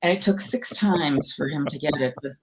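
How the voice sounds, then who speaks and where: A woman's voice: sits low, fairly quick, a little hiss or hum. Wry older woman telling stories. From Milwaukee, USA. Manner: wry, self-deprecating, anecdotal. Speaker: guest, comedy writer. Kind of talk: casual interview, storytelling.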